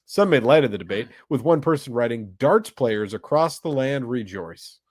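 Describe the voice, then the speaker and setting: A man's voice: medium pitch, normal speed, no echo, clean studio sound. A man co-hosting a podcast, reading posts aloud and teasing the others in casual chat. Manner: teasing, animated. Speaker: podcast co-host.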